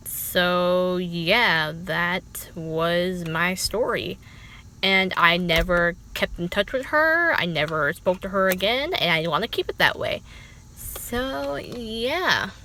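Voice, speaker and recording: A woman telling a casual storytime vlog, animated and swearing freely, leaping up in pitch when she quotes people. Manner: dramatic pitch jumps when quoting people. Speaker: vlogger.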